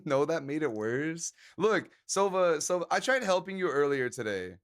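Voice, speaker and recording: Streamer guy goofing off with chat, kinda high voice, laughs a lot. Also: very animated, moderate pace. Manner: playful, joking, laughs often. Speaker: livestreamer chatting with viewers. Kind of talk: casual live-stream chat.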